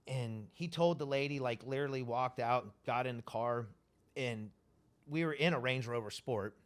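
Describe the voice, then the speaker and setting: Male interview guest, mid-pitched, profane, rambling storyteller; casual street-talk delivery. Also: clear, resonant tone.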